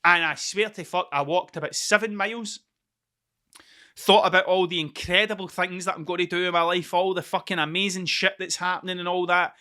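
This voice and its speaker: Scottish podcast host, thirties, high forceful voice, sweary rambling solo storyteller. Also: male voice, fairly even intonation, fairly quick. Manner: rambling, heavy swearing, repeats himself. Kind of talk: casual solo storytelling monologue.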